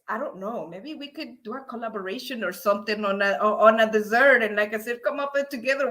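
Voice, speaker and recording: A woman hosting a casual livestream, excitable and laughing often as she chats with viewers. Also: high voice. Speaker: livestream host. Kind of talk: casual livestream chat reading viewer comments.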